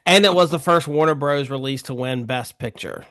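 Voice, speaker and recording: A man's voice: medium pitch, moderate pace. A man with a Southern US accent co-hosting a film podcast, casually reading out facts about a movie. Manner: relaxed, reads facts, chuckles. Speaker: podcast co-host.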